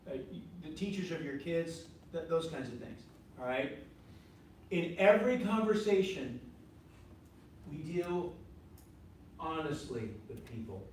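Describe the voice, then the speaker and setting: A man's voice: a little high, animated, unhurried, long pauses, darkish tone, slight background noise. A man teaching a faith class in a meeting room, talking conversationally, repeating his points and asking the group questions. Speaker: ministry teacher. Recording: very echoey room from far off.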